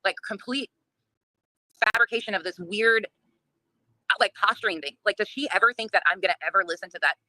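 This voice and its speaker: A woman's voice: mid-range voice, a little fast, pauses often, bright, forceful tone, no room sound, studio quality. A woman hosting a livestream, ranting in a blunt, profane, laughing way while reading chat. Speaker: livestream host. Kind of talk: casual livestream rant.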